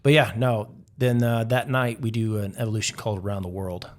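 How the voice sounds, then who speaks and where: A man's voice: fairly low pitch, steady tone, a little fast. A man, a guest on a podcast, telling stories casually with many filler words and a chuckle now and then. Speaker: podcast guest, Navy veteran. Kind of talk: casual storytelling interview.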